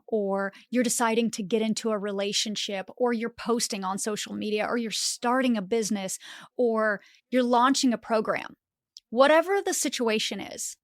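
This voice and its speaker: A woman hosting a motivational podcast speaks in a somewhat high voice, captured in a clean studio with no room sound. She's animated, dramatizes inner voices, and frequently says "like."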